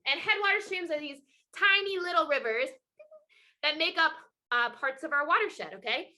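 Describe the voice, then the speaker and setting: Bubbly high-voiced woman teaching kids. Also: moderate pace, a little hiss or hum. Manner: energetic, encouraging, playful. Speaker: children's water festival educator. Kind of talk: upbeat lesson for children with movements. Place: home, indoors. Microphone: video call.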